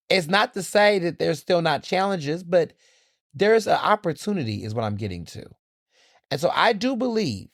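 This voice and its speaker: A man hosting a solo podcast, talking to listeners in a sassy, animated, conversational way. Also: on the high side, no room sound, studio quality. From Texas. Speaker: podcast host.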